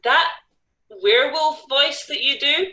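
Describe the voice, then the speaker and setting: A woman's voice: high voice, unhurried, over a noisy crowd. A woman taking part in a storytime video call, chatting eagerly. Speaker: storytime participant. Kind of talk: casual chat on a video call.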